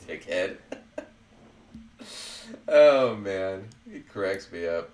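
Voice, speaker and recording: A man's voice: deep voice, expressive, extremely slow, long pauses, darkish tone. A man hosts a casual political podcast, blunt and profane, and he laughs at his own jabs. He sits well back from the microphone. The room around him rings and echoes. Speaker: podcast host. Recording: roomy sound, far from the mic.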